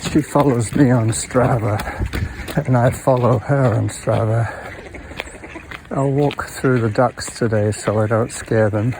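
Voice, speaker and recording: A man's voice: medium pitch, fairly even intonation, a little slow. A man vlogging in a casual, rambling monologue as he walks a golf course trail, recorded on a chest-mounted camera and greeting people he passes. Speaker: podcaster vlogging his morning walk. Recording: outdoor noise clearly behind him.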